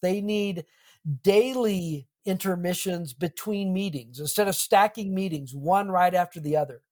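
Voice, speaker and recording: A middle-aged man, a pastor and author, talking earnestly and reflectively in an interview, with a touch of humor. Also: high voice. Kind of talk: conversational interview.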